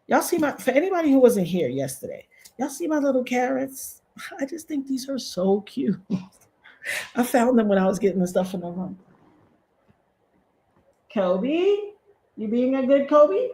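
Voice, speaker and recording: A woman's voice: a little high, big pitch swings, moderate pace, warm tone, husky. A woman from the northern US hosting a casual livestream, affectionate and a little preachy as she thanks viewers in the chat. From northern United States. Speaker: livestream host.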